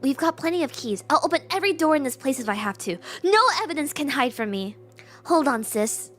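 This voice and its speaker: A woman's voice: sits high, animated, a little fast, soft background music. A woman voicing a determined young female detective in a video game, reading her lines steadily and earnestly.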